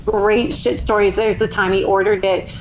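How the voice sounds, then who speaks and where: A woman guest on a podcast, telling a story in a lively, animated way and acting out the people in it. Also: mid-range voice, moderate pace, slight background noise, poor audio. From New Orleans. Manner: animated, acts out voices in her stories. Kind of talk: casual storytelling.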